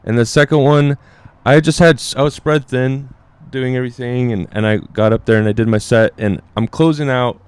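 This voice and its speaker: Speaking at a moderate pace with fairly even intonation, a young adult guest comedian rambles through a story in casual conversation, using lots of fillers. He voices quotes in a higher pitch, and the recording is dry and clean.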